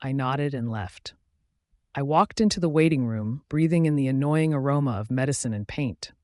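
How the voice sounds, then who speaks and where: A man narrating a first-person audiobook in a steady, even reading voice. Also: medium pitch, normal speed, no echo, clean studio sound.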